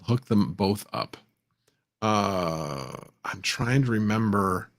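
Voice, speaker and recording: A man hosting a casual livestream, thinking out loud and reading viewer comments as he goes. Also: on the low side, lively intonation, slow pace. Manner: rambling, reads chat aloud, thinks out loud. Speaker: livestream host.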